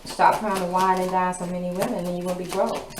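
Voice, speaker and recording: Woman doing a tarot reading, sassy and cussing a lot, lowish voice, roomy echo. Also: level tone, a little fast. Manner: blunt, profane and sassy. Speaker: tarot reader. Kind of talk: casual tarot reading to camera. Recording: echoey room with background noise.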